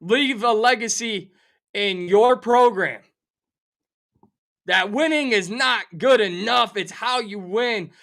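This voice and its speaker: A middle-aged man rants on a sports betting show, animated and sarcastic, playing up his outrage. His voice sits high for a man and sounds sharp and forceful. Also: takes it slowly. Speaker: sports talk show host. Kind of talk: fired-up sports betting rant.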